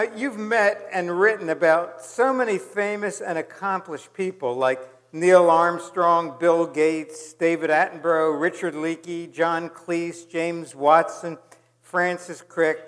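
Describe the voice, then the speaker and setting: A man's voice: a little high, fairly bright tone. A man interviewing a guest on stage, chuckling often and adding quips between questions. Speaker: interviewer, event host. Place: stage in a large hall. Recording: reverberant hall.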